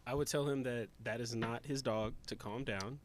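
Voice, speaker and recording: A young male comedian on a live panel show, telling quick jokes in a soft-spoken way. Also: medium pitch, steady tone, dry recording. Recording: live show with a loud crowd.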